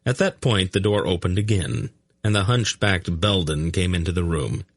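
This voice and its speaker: A man narrating an audiobook in an expressive storytelling manner. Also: low-pitched, normal speed, breathy edge, no echo. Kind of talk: scripted narration.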